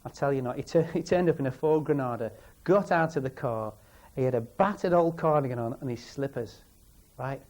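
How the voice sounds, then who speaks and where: A former player in a documentary interview, telling an excitable, lively story. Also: male voice, mid-range voice, brisk, few pauses.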